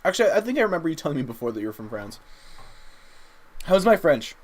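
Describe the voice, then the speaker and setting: A young man, chatting casually and haltingly with viewers while drawing on a livestream. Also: fairly high pitch, sing-song. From Canada. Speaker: streamer drawing live.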